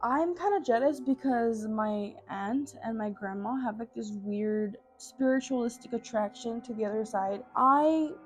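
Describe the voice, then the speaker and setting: A woman's voice: a little high, a little slow, few pauses, soft background music. A young woman casually telling her own ghost stories into a phone camera, rambling with lots of swearing and filler words. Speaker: vlogger. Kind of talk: casual storytelling.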